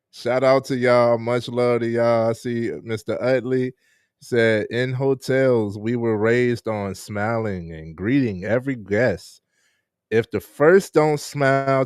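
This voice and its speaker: A man's voice: mid-range voice, a little mellow, smooth, no room sound, clean studio sound. A man hosting a casual live-stream interview, laid-back and laughing often as he greets viewers. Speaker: host.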